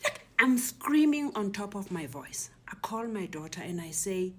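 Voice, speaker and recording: A middle-aged South African woman recounting a personal ordeal as an interview guest, speaking softly and often near a whisper. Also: mid-range voice, very animated, normal speed. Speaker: guest telling her story. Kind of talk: emotional personal testimony.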